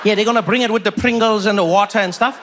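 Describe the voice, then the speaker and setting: A man's voice: sits high, fast talker, background noise, close to an everyday voice. A man voicing a pushy, chatty male plane passenger with a South African accent who bosses people around. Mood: deadpan. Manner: insistent, bossy, fussing over his phone.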